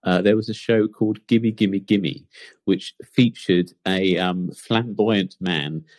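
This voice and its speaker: Chatty Portsmouth-accented man, lowish voice. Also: steady tone, slow pace, darkish tone. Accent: Portsmouth English. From England. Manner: chatty, laughs often. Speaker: podcast co-host. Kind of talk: casual chat.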